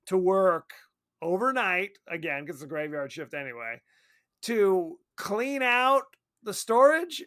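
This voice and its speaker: A man co-hosting a casual movie podcast, animated and acting out characters' lines. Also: high-pitched. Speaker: podcast co-host.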